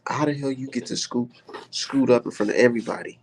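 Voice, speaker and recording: A man's voice: medium pitch, quick pace, slight background noise. A man giving a heated, profanity-filled boxing rant on his vlog. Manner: heated, animated, swears constantly. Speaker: boxing vlogger. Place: indoors, maybe art studio.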